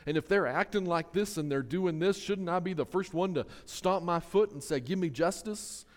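A male pastor preaching a sermon in an earnest way, slowing down to stress key words. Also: high voice. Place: church sanctuary. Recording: long reverb of a large hall.

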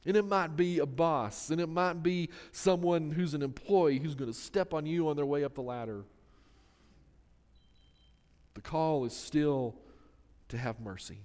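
A man's voice: fairly high pitch, a little mellow. Earnest male pastor in a reverberant hall. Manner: earnest, slows down to stress key words. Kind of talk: sermon. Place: church sanctuary. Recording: long reverb of a large hall.

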